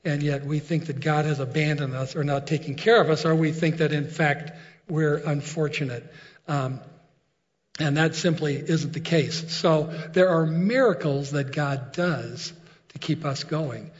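A man's voice: a little high, steady tone, measured pace. A man preaching a sermon, retelling a story in an earnest, storytelling way. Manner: storytelling, earnest, with filler restarts. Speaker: pastor. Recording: long echo, dull lo-fi sound.

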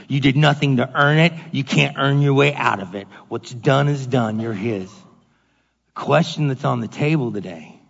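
A middle-aged male pastor giving a casual, storytelling sermon, animated and self-deprecating, acting out the voices in his stories. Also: mid-range voice, gravelly, breathy edge. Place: church sanctuary. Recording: dull echoey hall recording.

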